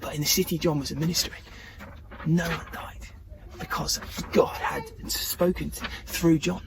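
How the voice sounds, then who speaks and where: Lively man telling a kids' story. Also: a little high, moderate pace, background noise. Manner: lively, chatty with fillers. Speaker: children's church leader. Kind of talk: storytelling to children.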